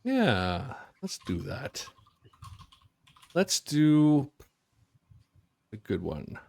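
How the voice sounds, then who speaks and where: A man's voice: mid-range voice, very animated, drawn-out words, creaky, a little mellow, no room sound. A man narrating as game master of a tabletop game, loose and rambling, with many ums and restarts.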